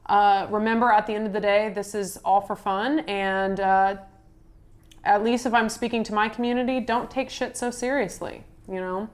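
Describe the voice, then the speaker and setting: A woman's voice: mid-range voice, fairly even intonation, moderate pace. A woman hosting a live stream, signing off to her chat in a loose, upbeat way with many fillers. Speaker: streamer host. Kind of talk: casual stream sign-off chat.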